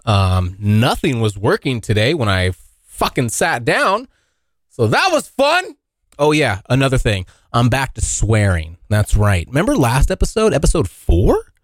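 A man hosting a casual solo podcast, joking and swearing, now and then yelping into high silly voices. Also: normal speed, no room sound, studio quality. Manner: animated, swearing, jokey, yelps into high voices. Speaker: podcast host. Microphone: hot close mic.

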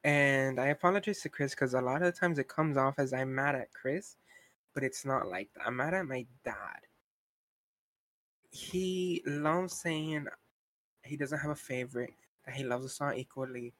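A man's voice: mid-range voice, normal speed, fairly bright tone, dry recording. A young man co-hosting a podcast, talking in a casual, frustrated rant full of "like" and asides. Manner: frustrated ranting, heavy use of "like". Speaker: podcast co-host. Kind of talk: casual chat.

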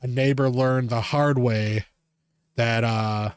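A man chatting casually on a podcast, telling long animal stories with plenty of swearing and lively quoted asides. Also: medium pitch, slow, clean tone, dry recording, studio quality. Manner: casual, profane, animated when quoting himself. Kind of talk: casual storytelling chat.

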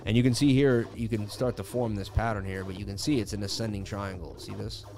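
A man's voice: fairly low pitch, steady tone, brisk, over music. Chatty man hosting a live market stream. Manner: chatty, joking, slangy. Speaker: crypto chart analysis livestream host. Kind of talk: casual live market commentary.

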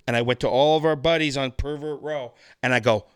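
A man telling stories as a podcast guest, animated and profane, acting out the people in his stories. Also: mid-range voice, fairly quick, hardly any pauses, smooth, dry recording. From Canada. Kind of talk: casual storytelling.

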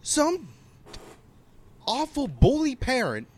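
A young man co-hosting a podcast, talking casually, excitable and incredulous, with lots of swearing. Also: extremely high pitch, takes it slowly, a little hiss or hum. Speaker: podcast co-host. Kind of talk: casual chat.

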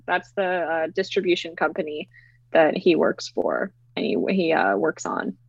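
A woman's voice: low voice, very animated, moderate pace, gravelly, slightly rough, no room sound. A woman guest on a podcast chatting enthusiastically, with laughing asides. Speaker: guest producer. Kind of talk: casual podcast chat. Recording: dull lo-fi dry sound.

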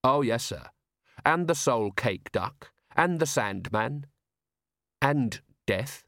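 A man's voice: mid-range voice, lively intonation, slow, no room sound, clean studio sound. Man doing an eerily polite young assassin. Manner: soft-spoken, overly courteous, keeps saying sir.

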